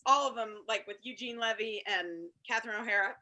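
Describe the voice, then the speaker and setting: Host, woman: casual video-call chat, slightly high voice, rambling asides. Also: a little fast, sharp tone, rough recording. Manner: chatty, trails off mid-thought. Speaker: host of a viewing party.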